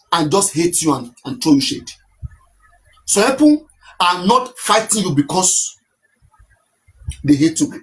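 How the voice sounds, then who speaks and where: Nigerian man hosting a chatty live stream. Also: on the high side. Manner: explains at length, repeats and insists. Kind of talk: casual live-stream talk.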